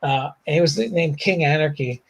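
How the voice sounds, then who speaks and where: A man's voice: on the high side, normal speed, gravelly. A man with a Bronx accent, a comic creator, chatting casually and telling rambling stories full of fillers. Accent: Bronx New York. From the Bronx, New York. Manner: rambling, animated storytelling with frequent fillers and laughs. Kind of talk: casual chat.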